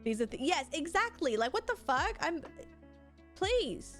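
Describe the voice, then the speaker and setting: A woman's voice: sits high, sing-song, measured pace, a bit bright, faint music behind. A young woman, chatting casually with her chat while gaming, rambling and swearing freely. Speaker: streamer.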